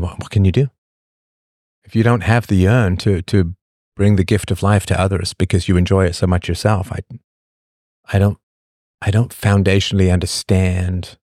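Deep-voiced man rambling sardonically. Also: darkish tone, no echo, clean studio sound. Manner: rambling, sardonic, with frequent restarts. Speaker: livestream host. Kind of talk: casual livestream monologue.

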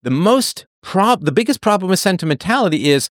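A man's voice: high-pitched, big pitch swings, brisk, hardly any pauses, no echo, clean studio sound. A man hosting a show, reading and answering viewer comments in a digressive, sardonic way and laughing often. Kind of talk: casual livestream monologue.

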